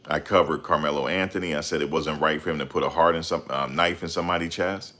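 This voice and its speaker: A man hosting a casual livestream, reading viewer comments and ranting heatedly with loud outbursts and repeated phrases. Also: a bass voice, steady tone, quick pace. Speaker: livestream host.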